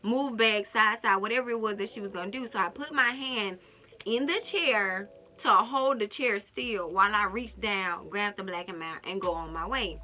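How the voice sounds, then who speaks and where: Bright-voiced woman telling a storytime. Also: medium pitch, normal speed. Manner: animated, talks straight to viewers, acts out quotes. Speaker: storytime vlogger. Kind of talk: casual storytime to the camera.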